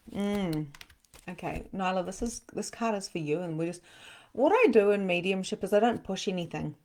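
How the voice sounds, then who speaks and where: A middle-aged woman hosting a live spiritual session as a medium, chatting casually, laughing often and breaking into sudden excited bursts. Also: medium pitch, moderate pace, pauses often. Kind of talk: casual live-stream channeling.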